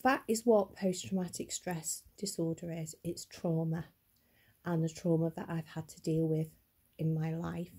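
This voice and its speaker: Upset woman vlogger, slow and husky. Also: deep voice, steady tone, dark tone. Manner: earnest, halting, stammers when upset. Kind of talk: personal vlog to camera.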